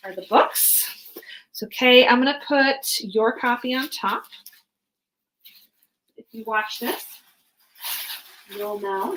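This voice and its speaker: A woman's voice: on the high side, fairly bright tone, a little hiss or hum, rough recording. Young woman, rambling live-stream chat, lots of ums, slightly worn voice. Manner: rambling, chatty, many fillers. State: voice going hoarse. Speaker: author hosting a live stream. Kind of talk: casual live-stream chat while packing boxes.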